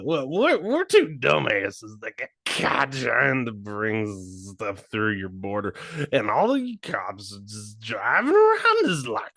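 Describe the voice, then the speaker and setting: A man's voice: medium pitch, creaky, pushed and bright, dry recording, clean studio sound, heavily acted. A man doing a drawling stoned caller. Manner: slow, drawling, spaced out. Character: paranoid stoned young man calling police.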